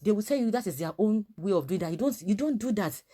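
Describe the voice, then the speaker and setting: A woman's voice: mid-range voice, animated, fast, dark tone. A woman with a Nigerian accent talking through her opinions casually, rambling with many fillers and restarts.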